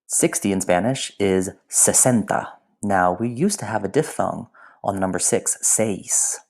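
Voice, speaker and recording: A man's voice: deep voice, normal speed, gravelly, darkish tone. A man teaching a recorded language lesson in a playful way, with whispered asides. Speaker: Spanish teacher.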